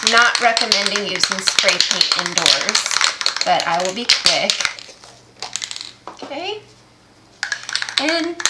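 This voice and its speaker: A woman's voice: mid-range voice, heavy background noise. A woman demonstrating a craft project in a casual tutorial, chatty and enthusiastic, talking through each step. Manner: chatty, enthusiastic, slow and careful explaining.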